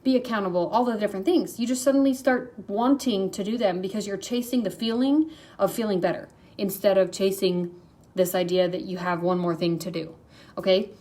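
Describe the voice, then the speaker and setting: A woman's voice: mid-range voice, brisk, warm tone, a little hiss or hum. A woman coaching a fitness challenge group, giving a chatty, encouraging motivational talk to camera and repeating phrases for emphasis. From Arizona.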